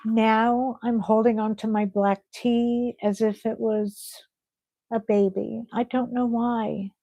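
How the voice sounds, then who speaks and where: Gushy woman chatting on a livestream, reading comments, kinda high voice, dry close mic. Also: little pitch movement, takes it slowly, gravelly, mellow, no room sound, dull audio. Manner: chatty, effusive, reads viewer comments aloud. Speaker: livestream host.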